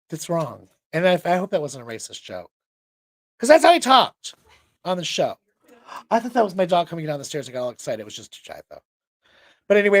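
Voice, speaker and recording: A man's voice: a little high, dry recording. A tired man hosting a show, chatting casually in a rambling way with many restarts. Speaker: host.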